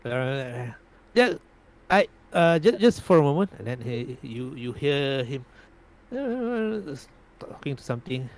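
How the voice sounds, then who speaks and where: A man's voice: mid-range voice, big pitch swings, takes it slowly. A man running a tabletop role-playing game as game master, voicing characters and stumbling over his words with frequent restarts. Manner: stammering, lots of restarts and laughs.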